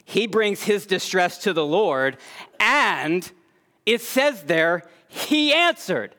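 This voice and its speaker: A man preaching a sermon as pastor, earnest, rising to emphatic peaks and then dropping soft and low. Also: expressive, takes it slowly.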